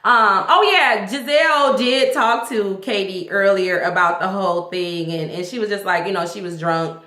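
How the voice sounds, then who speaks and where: A woman giving a casual, profane recap of a reality show to her viewers. She talks in an animated way and acts out what the cast said. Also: medium pitch, normal speed, roomy sound. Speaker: vlogger reviewing a reality show.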